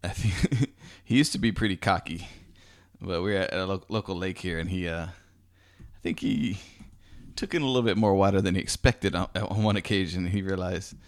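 A man's voice: sits low, normal speed. An American man hosting his own podcast, chatting in an easygoing, rambling way with plenty of fillers and restarts. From United States. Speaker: podcast host. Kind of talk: casual solo podcast chat.

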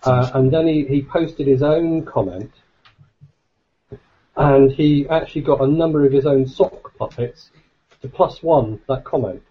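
A man's voice: medium pitch, measured pace, slightly rough, phone-quality sound. A man, a co-host and father, telling stories in a wry, casual way. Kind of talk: casual group chat.

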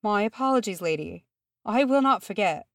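A woman voicing a composed, elegant male elf envoy who speaks in a measured, formal way. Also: mid-range voice, animated, no room sound, clean studio sound, pitched above the performer's own voice, lightly acted.

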